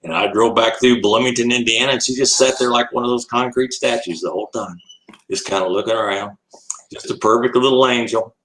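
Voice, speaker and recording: A man's voice: medium pitch, steady tone, brisk, a bit bright, rough recording. An older man, an animal educator, telling a long anecdote as an interview guest, laughing often and acting out the voices in his story.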